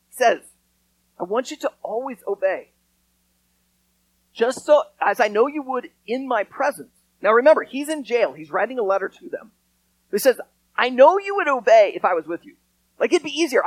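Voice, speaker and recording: A man's voice: very high voice, no echo, rough recording. A man preaching a sermon as pastor, talking to the congregation in an earnest, conversational way with touches of dry sarcasm.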